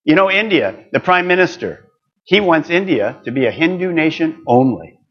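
A man's voice: on the high side, sing-song, moderate pace, highs cut off. An older man preaching a sermon, earnest and building to emphatic exhortation.

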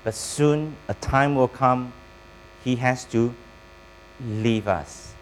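A man preaching a sermon, pausing between phrases and quizzing his congregation. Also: mid-range voice, slight background noise, rough recording. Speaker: pastor.

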